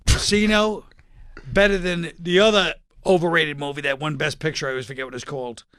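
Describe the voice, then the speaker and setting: A man's voice: fairly high pitch, steady tone, a little fast, fairly bright tone, clean tone, dry recording, studio quality. Blunt, opinionated man talking movies. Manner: opinionated, blunt film critic talk. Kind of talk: casual chat.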